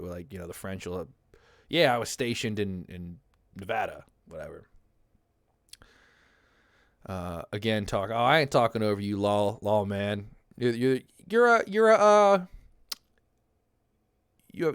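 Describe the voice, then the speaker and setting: A man rambles through a casual livestream rant, cursing freely and laughing as he answers his chat. His voice sits low but jumps around with lively swings in pitch. It is recorded dry and close, with no room sound. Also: no echo. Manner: rambling, profane, laughs often, talks back to chat. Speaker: streamer reading chat.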